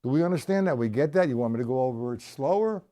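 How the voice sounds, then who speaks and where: Animated man teaching drums on a stream. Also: medium pitch, fast talker. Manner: animated, conversational, repeats points, checks in with viewers. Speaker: drum teacher. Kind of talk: live-streamed drum lesson. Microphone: live stream camera mic.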